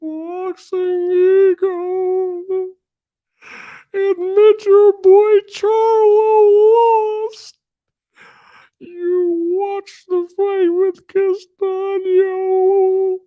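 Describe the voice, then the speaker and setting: A man putting on the voice of a whiny, taunting heckler, with a high quavering mock cry that drags every word out. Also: flat delivery, drawn-out words, phone-quality sound, full character voice. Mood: mocking wail.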